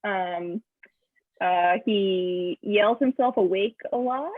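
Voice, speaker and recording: A woman's voice: medium pitch, slow pace, no room sound. Hesitant woman on a tinny line. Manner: hesitant, many ums and uhs. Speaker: improv performer telling a true story. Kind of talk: storytelling monologue.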